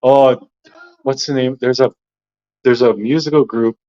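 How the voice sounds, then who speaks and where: A chatty Canadian man with a moderate voice, trading jokes and laughing easily in a relaxed conversation. His audio is dull and lo-fi, like a home livestream. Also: mid-range voice, measured pace. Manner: joking, chatty, laughs often. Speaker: co-host of a live chat stream. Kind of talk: casual chat.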